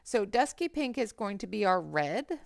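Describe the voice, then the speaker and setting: A woman's voice: mid-range voice, big pitch swings, normal speed, creaky, no room sound, clean studio sound. A woman hosting a colouring livestream on a headset mic, chatting casually and greeting viewers by name as she works.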